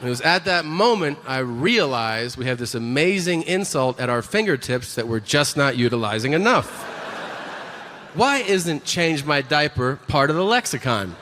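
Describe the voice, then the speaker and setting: With big pitch swings and a fairly bright tone, a middle-aged man does profane stand-up at a comedy venue, talking at normal speed. He acts out both parties in conversations with low voices, and the live recording has long reverb and a faint hum of room noise.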